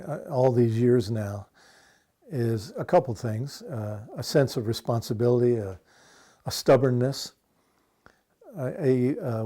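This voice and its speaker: A man's voice: mid-range voice, mellow. A man in his sixties from the United States, an activist giving an earnest, impassioned interview answer with frequent fillers and restarts.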